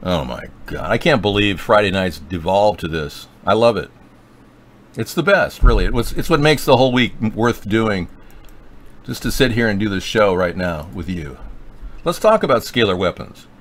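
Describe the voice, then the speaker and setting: A man's voice: on the low side, expressive, normal speed. A man hosting a political livestream, rambling and joking with sarcasm. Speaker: livestream show host.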